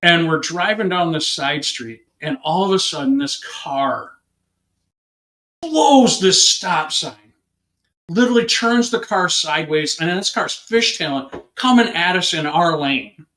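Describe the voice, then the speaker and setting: Speaking unhurriedly in a fairly high voice, this male police officer spins a casual interview story and performs the characters as he goes. The recording has a roomy sound.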